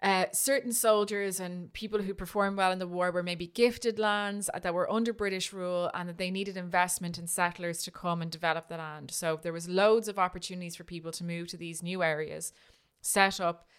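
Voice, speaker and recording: A woman's voice: on the low side, fairly even intonation, brisk, few pauses, clean tone. A woman co-hosting a podcast, telling a history story in a chatty way, often restarting and tagging lines with "right?". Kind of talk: casual storytelling chat.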